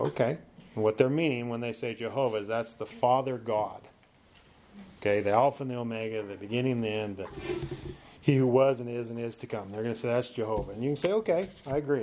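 A man teaching a sermon in a conversational, coaching way, often checking in with "okay?" and slowing down to read scripture aloud. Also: mid-range voice, a little mellow, slight background noise.

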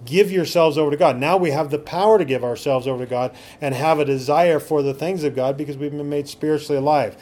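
A man's voice: a little high, fairly even intonation, fast talker, few pauses, darkish tone. A man preaching a sermon as a pastor, often asking the congregation rhetorical questions.

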